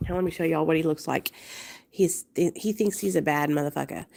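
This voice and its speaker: A woman's voice: sits low, a little fast, vocal fry, darkish tone. A woman in her forties hosting a casual live stream, who speaks bluntly and swears freely, and keeps breaking off to coax her dogs in a sing-song voice. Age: 40s. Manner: blunt and profane, talking straight to viewers. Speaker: livestream host.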